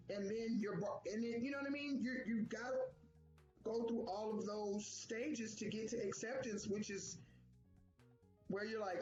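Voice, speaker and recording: In a relaxed discussion about grief, a co-host with a voice on the high side speaks at a moderate pace, animatedly performing the quotes she relays. Faint music plays in an echoey room, and the sound is dull.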